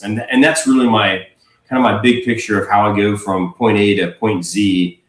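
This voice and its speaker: A man, a whiskey blender, speaking casually as a livestream guest, relaxed and rambling with fillers and restarts. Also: lowish voice, moderate pace, reverberant, low-quality recording. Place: home.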